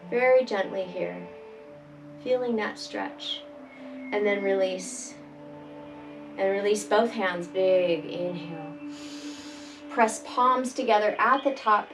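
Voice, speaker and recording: A woman leading a chair yoga class, giving calm, gentle step-by-step cues for breathing and stretching. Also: medium pitch, slow pace, pauses often. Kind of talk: guided exercise instruction. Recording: voice from a distance, faint background music.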